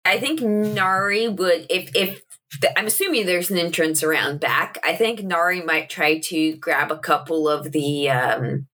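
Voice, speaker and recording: A woman's voice: deep voice, fairly bright tone. A woman playing in a tabletop game, thinking aloud hesitantly about her character's moves. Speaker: player.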